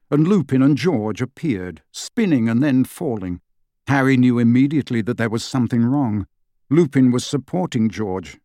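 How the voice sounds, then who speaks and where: A man reading a novel aloud as an audiobook narrator, with expressive storytelling. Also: mid-range voice, dry recording, studio quality. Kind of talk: scripted narration.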